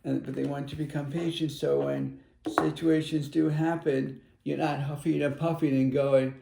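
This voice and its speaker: Earnest spiritual advisor man, gravelly. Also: on the high side, little pitch movement, normal speed, roomy sound, background noise. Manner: earnest and meandering, with acted-out inner voices. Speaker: spiritual advisor giving a card reading. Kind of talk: tarot card reading.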